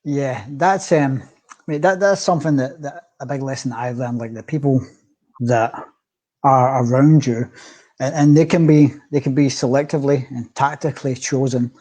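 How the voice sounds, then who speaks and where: A man hosting a podcast, talking in a relaxed, reflective way with halting restarts. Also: mid-range voice. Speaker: podcast host. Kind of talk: casual conversation.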